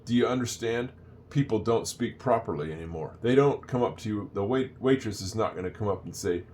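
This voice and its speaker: An older man talks through a basic English lesson in a somewhat low voice. He chats loosely, wanders off topic and repeats phrases slowly for learners to follow. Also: a little mellow. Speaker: English teacher. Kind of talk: casual spoken lesson.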